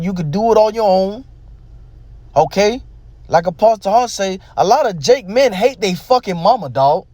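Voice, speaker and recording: Profane, emphatic preacher man, high voice. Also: a little mellow, dry recording. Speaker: religious commentator. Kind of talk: street-preacher style commentary.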